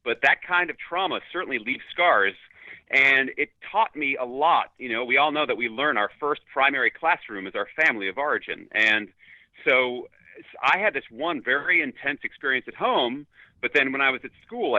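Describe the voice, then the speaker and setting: A New York City man, a leadership consultant appearing as a guest, answers interview questions in an upbeat, articulate manner. His medium-pitched voice is expressive and brisk. The audio is tinny and narrow, with no echo.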